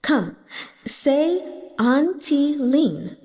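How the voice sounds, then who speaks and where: Brief: soft, patient servant woman as a reader puts her on, lively pitch, long hall echo. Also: measured pace, soft background music. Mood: soothing. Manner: soothing, patient. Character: kind scarred older female servant, patient and gentle.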